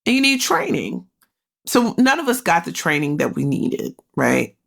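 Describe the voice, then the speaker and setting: A woman's voice: fairly low pitch, sing-song, moderate pace, gravelly, a bit bright. A woman podcast host telling a personal story in a candid, emotional way and speaking straight to her listeners. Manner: conversational, with many "like" fillers.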